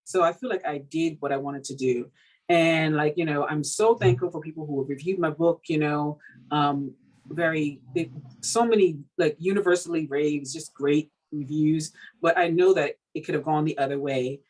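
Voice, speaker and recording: A woman from Cameroon, an author being interviewed, talking in a casual, animated way with many fillers and laughs. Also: low-pitched, normal speed, poor audio. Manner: animated, laughing, full of fillers like "you know". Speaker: author guest.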